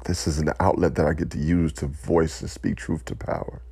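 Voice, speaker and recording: A man speaks in a very deep, gravelly voice with a husky edge. He is tired and emotional, close to tears, and stops now and then to steady himself. The sound is close and dry. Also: no echo. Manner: impassioned, weary, pauses to collect himself. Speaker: speaker addressing listeners. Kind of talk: emotional impassioned speech.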